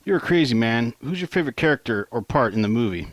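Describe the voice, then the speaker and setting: A man's voice: medium pitch, lively intonation, fast, dry recording, close to an everyday voice. A man voicing his reckless, hot-headed young best friend in a cocky, teasing way.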